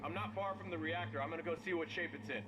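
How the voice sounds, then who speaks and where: An actor playing a blunt, profane male soldier who speaks in a curt, forceful way. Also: on the high side, very fast, over music, natural voice. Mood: urgent.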